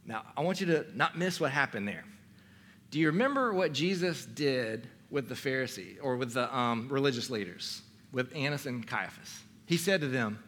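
A male teaching pastor preaching a sermon, acting out the quoted voices with dramatic swings from loud to quiet. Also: medium pitch, lively intonation, moderate pace. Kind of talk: expository sermon.

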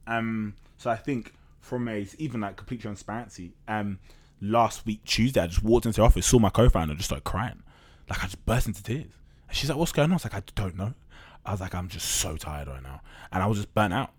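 A man's voice: on the low side, a little fast. A man, a startup co-founder, talking openly and casually as a podcast guest, with loose slang and the odd swear. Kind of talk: candid podcast conversation.

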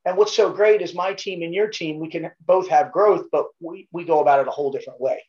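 A man's voice: fairly high pitch, a little fast, a little mellow. Motivational man on dull audio. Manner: motivational, emphatic, joking. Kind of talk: casual podcast chat.

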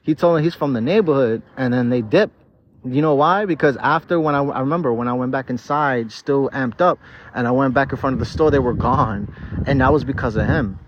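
A man's voice: medium pitch, a little fast, lo-fi sound, slight background noise. A tipsy, slurring young man tells a rambling, profane story straight to his viewers from a park. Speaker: vlogger. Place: outdoors in a park.

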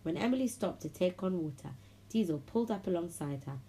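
A woman reading a children's storybook aloud, lively and friendly, giving the characters their own voices. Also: on the low side, a little fast, a little hiss or hum, low-quality recording. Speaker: children's audiobook reader.

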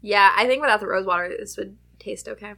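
Bright-voiced woman podcast co-host. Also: mid-range voice, fast, vocal fry. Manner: laughs often, swears casually. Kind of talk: casual chat.

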